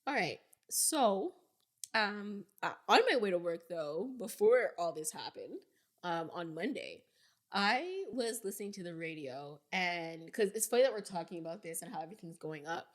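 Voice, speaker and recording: A woman's voice: on the low side, big pitch swings, normal speed. A woman in her twenties co-hosting a podcast, telling stories in a chatty, rambling way. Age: 20s. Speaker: podcast co-host. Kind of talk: casual chat.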